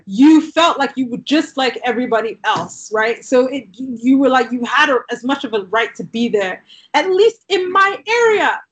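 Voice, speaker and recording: A woman who grew up in Southeast London, with an accent shaped by later years in Canada, telling her story in casual conversation, with lots of "like" fillers and quick asides. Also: high voice, animated. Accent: London English, shifted by years in Canada. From Southeast London, England.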